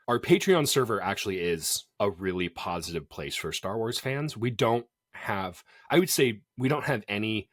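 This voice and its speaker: Low-voiced man, chatty podcast host, dry close mic. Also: moderate pace, hardly any pauses, no echo. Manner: animated, chatty, laughs often. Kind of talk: casual podcast chat.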